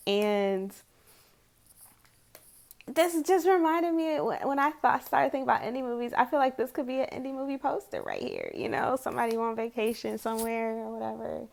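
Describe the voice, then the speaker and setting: Her voice is a little high and creaky. In her forties, this tarot video creator talks casually to the camera, rambling, chatty and frequently giggling.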